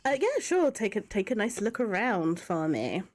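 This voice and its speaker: A woman running a tabletop game as game master, halting as she speaks, with many fillers and restarts. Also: mid-range voice, big pitch swings.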